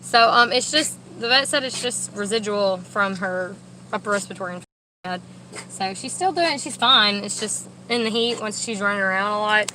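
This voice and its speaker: A young woman chatting casually from a parked car, rambling, talking in a high baby voice to her dogs between asides. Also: moderate pace, sharp tone, slight background noise, low-quality recording. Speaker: vlogger with service dogs. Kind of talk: casual chat.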